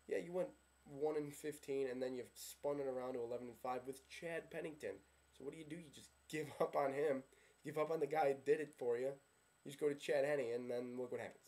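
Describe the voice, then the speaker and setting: A man's voice: mid-range voice, fairly quick, dark tone. Sarcastic man ranting about football. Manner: sarcastic, ranting, keeps asking himself questions. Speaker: sports vlogger. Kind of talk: casual fan rant.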